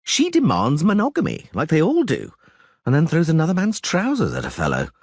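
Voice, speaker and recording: A man voicing a vain, flamboyant young bard who talks excitably and dramatically in an audiobook. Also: a little high, fairly quick, husky, dry recording, studio quality, pitched above the performer's own voice, exaggerated voice. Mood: excitable flamboyant. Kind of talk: audiobook character voice.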